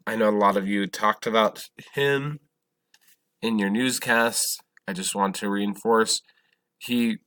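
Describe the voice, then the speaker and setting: Male history teacher, lecture, low-pitched, slow and halting, bright tone. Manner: halting, self-correcting, asks questions of the class. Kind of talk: classroom lecture.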